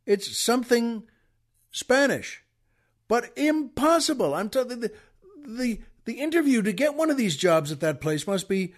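A high-voiced man hosts his own show and tells a comic story. He delivers it with animated energy, stammering and acting out the outbursts for laughs. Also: a little slow. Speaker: podcast host.

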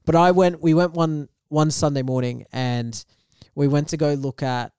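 A young man, co-hosting a podcast and telling a story in lively casual chat, acting out the voices of the people in it. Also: on the high side, normal speed, smooth, no room sound, clean studio sound. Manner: animated storyteller, acts out quoted voices. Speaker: podcast co-host.

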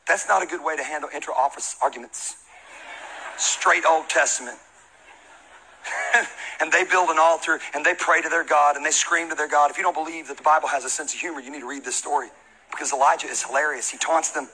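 Man, pastor, preaching a sermon, high voice, very bright, husky edge, jokey, radio broadcast sound. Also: fairly quick, poor audio. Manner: humorous, conversational preaching with shouted Bible readings.

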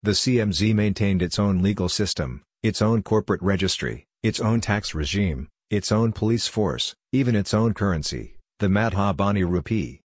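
A man reading a science fiction audiobook in steady, even scripted narration. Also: fairly low pitch, normal speed, hardly any pauses, no room sound, clean studio sound.

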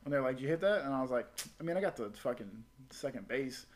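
A man's voice: mid-range voice, animated, fast, slight background noise. Crude, joking young man telling stories. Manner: crude, joking storyteller, acts out quoted exchanges. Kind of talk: casual podcast banter.

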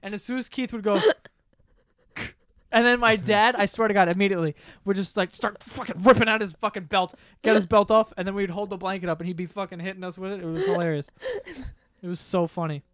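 A man's voice: sits high, a little fast, smooth, no echo, clean studio sound. A young man hosting a casual chat with friends, telling childhood stories with a lot of laughing and swearing. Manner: laughing often, swearing, animated retelling. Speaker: podcast host. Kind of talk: casual storytelling among friends.

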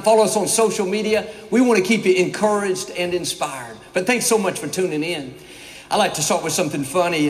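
A man preaching a sermon to a large congregation, folksy and upbeat, rambling a little before he gets going. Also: high voice. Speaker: pastor. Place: church in a former basketball arena. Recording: echoey arena reverb.

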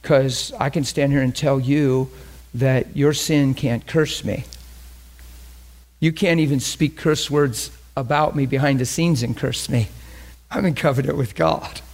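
A man's voice: medium pitch, steady tone, measured pace, creaky. A man preaching in a conversational, emphatic way, often repeating phrases as he teaches. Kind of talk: sermon teaching.

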